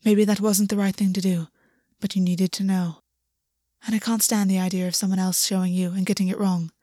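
A tender grown man who speaks in a hushed, gentle way, as a woman reads him aloud. His voice stays quiet and close. The sound is dry, with no room around it. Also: mid-range voice, flat delivery, fairly quick, no echo, lightly acted. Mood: tender, heavy. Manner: hushed and soft.

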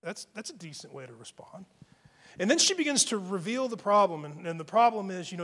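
Male pastor, chatty sermon delivery, voice a touch on the higher side, restarts phrases often. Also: big pitch swings, a little fast, a bit bright. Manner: conversational storytelling, frequent restarts.

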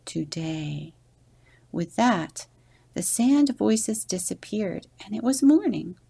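A woman deacon reads a children's story aloud in a slow, gentle manner. Her voice is low and gravelly, with a dark, mellow tone. Now and then she drops into a husky whisper. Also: animated. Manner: gentle read-aloud narration with whispered passages. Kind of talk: storybook reading.

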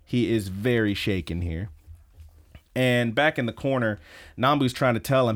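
A man's voice: fairly low pitch, moderate pace. A man co-hosting a podcast, casually retelling a story with lots of swearing and quoted lines. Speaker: podcast co-host. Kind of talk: casual recap chat.

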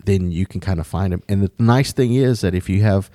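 A man's voice: sits low, brisk, mellow, dry recording, clean studio sound. A man in casual conversation, rambling with frequent restarts and casual swearing. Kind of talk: casual chat.

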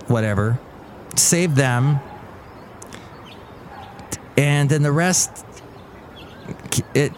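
A man's voice: medium pitch, a little hiss or hum. A man hosting his own show in a casual, rambling monologue, thinking aloud as he talks. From California. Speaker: host.

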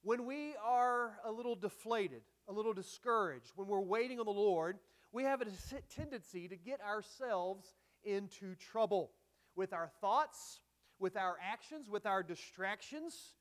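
A man's voice: high voice, a little slow. A man preaching a sermon in a conversational way, with asides and emphatic quoted lines. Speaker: pastor.

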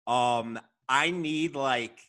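Guy on a podcast, quick dry comments, bright sharp voice. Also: mid-range voice. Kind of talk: casual chat.

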